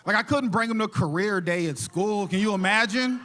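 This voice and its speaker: A man's voice: high voice, moderate pace, a bit bright. A man doing a stand-up comedy set on a theater stage into a handheld mic, telling casual profane stories and laughing often between punchlines. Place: theater stage before a live audience.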